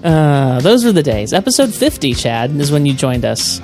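A man's voice: on the high side, big pitch swings, moderate pace, over music. A man hosting a casual movie podcast, playful and self-mocking, often laughing. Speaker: podcast host.

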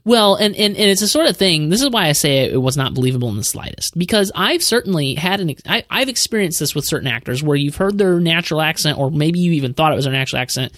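A man's voice: on the high side, animated, fast, few pauses, fairly bright tone, no room sound, studio quality. A man with a Midwestern accent hosting a podcast, chatting casually about movies with lots of restarts and repeated words. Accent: Midwestern American. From American Midwest. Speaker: podcast host. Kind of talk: casual movie review chat.

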